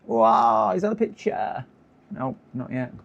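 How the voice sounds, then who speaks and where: Fixing a computer on a live stream, a tired man with a sore throat keeps up casual commentary, muttering to himself, chuckling, and hopefully coaxing the machine. He speaks unhurriedly in a high-pitched, sing-song, gravelly voice, and the audio sounds dull.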